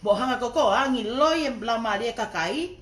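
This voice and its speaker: A woman ranting angrily and profanely on a livestream, often tagging her lines with a quick "he?". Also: a little high, animated, echoey room. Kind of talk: heated livestream rant.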